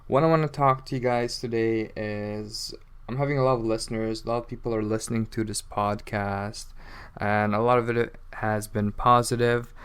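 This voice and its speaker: A man hosting an unedited podcast for English learners and talking in a relaxed, chatty, informal way. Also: on the low side, clear, resonant tone. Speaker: podcast host. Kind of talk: unscripted casual podcast talk.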